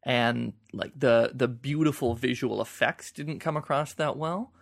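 A man's voice: mid-range voice, a little slow, gravelly. A man co-hosting a podcast remotely, chatting casually about films, rambling with many restarts. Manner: rambling, restarts a lot, conversational. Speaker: podcast co-host. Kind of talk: casual film chat. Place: home, remote from co-host.

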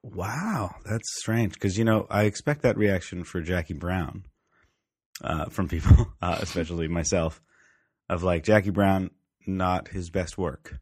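Deep-voiced man laughing easily. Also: no echo, clean studio sound. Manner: laughs easily, animated, uses many fillers. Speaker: podcast co-host. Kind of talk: casual film chat. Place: home, remote from co-host.

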